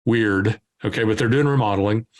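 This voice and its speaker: A man, a guest entrepreneur, telling lively stories in conversation and acting out the dialogue. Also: fairly low pitch, a little fast. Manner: lively anecdotal storyteller, acts out dialogue. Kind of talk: conversational storytelling.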